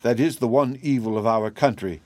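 A man's voice: mid-range voice, moderate pace, a little mellow, dry recording, lightly acted. An invisible man answers plainly in a storybook, voiced by a man reading the book. His manner is matter-of-fact and his sound dry and close. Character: invisible man, guarded then friendly. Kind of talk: audiobook character reading.

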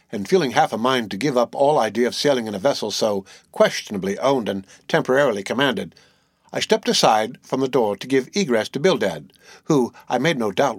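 A man's voice: medium pitch, slightly rough, dry recording. Dry, close male audiobook narrator.

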